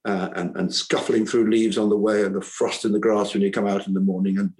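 A man's voice: lowish voice, little pitch movement, a little fast, darkish tone, poor audio. An older man, an author who once taught school, talks reflectively in an interview, earnest and rambling, often restarting his sentences. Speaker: author and former teacher.

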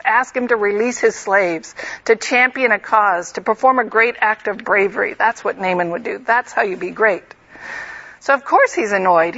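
Woman Bible teacher with a fairly high voice, chatty and explanatory, on a dull, muffled recording. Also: a bit bright. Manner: conversational, explanatory, with humorous asides. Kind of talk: Bible lesson with reading and commentary.

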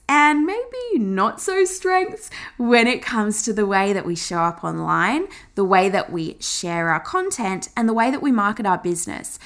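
A woman teaching on camera as a marketing coach, chatty and encouraging, showing how fast, slow, high and low delivery sounds. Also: a bit bright.

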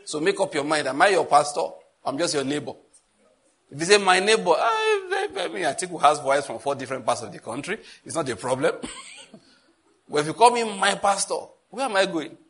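A man with a Nigerian accent preaching a sermon as pastor, animated and telling stories with asides. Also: fairly high pitch, a little fast, husky.

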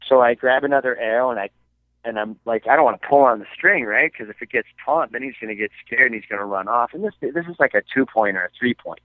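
A man's voice: medium pitch, fast talker, dry recording. Man telling stories on a tinny line. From Michigan, United States. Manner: rambling, many fillers and restarts. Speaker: podcast guest, archery filmmaker. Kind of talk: casual storytelling. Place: his basement at home.

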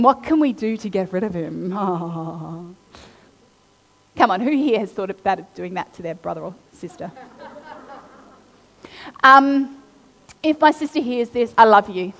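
A woman preaching a sermon, reading scripture aloud and then retelling it with animated, acted-out quotes. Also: mid-range voice, a little slow, long pauses. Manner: animated storytelling, acting out quotes. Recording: long hall reverb.

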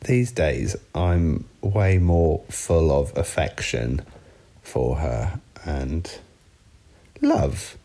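A man with a very low, dark, husky voice talks things over in a candid, musing way. His pitch rises and falls expressively as he pauses and restarts. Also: animated. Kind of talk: reflective casual conversation.

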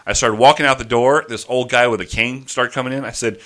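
A man telling an angry customer-service story in casual chat, animated and profane. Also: medium pitch, quick pace, hardly any pauses. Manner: animated ranting with profanity, quoting people in his voice. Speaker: podcast host telling a story.

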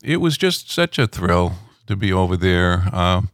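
A middle-aged man, a rock critic, telling anecdotes in a relaxed interview at home, rambling with many fillers. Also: sits low, a little slow, clean tone, dry recording, clean studio sound.

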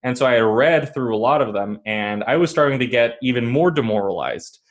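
A man sharing a personal story on a podcast, loose and conversational, pausing and restarting often. His voice sits at a middling pitch. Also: muffled recording. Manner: rambling, full of fillers and restarts. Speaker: podcast co-host.

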